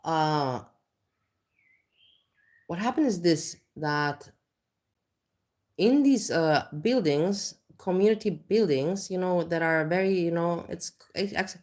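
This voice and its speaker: A woman's voice: fairly low pitch, slow, pauses often, a little mellow. A woman chatting on a livestream, rambling with many restarts and filler words. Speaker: livestream host. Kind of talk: casual livestream chat.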